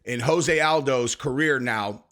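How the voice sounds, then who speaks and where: A young man hosts a casual fight recap. He talks in an excitable, rambling way, full of slang. His voice sits at an ordinary middle pitch. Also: measured pace. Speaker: MMA commentary host.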